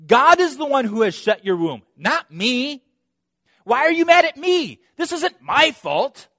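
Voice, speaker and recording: A man preacher voicing an exasperated, defensive ancient husband who protests loudly and indignantly. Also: extremely high pitch, very animated, a little slow, no room sound, clean studio sound, pitched above the performer's own voice, exaggerated voice.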